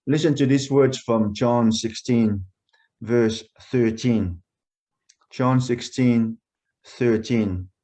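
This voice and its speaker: Slow-talking guy preaching in church, leans hard on key words and repeats them, mid pitch. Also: warm tone. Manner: deliberate, emphatic repetition of key phrases. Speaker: pastor. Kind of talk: sermon.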